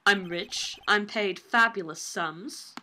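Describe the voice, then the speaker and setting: A woman's voice: medium pitch, slow, bright, forceful tone, a little hiss or hum. A woman voicing a vain, flamboyant male circus magician in an amateur game reading, drawling and theatrical. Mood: haughty. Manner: theatrical, drawling, calls people sweetie.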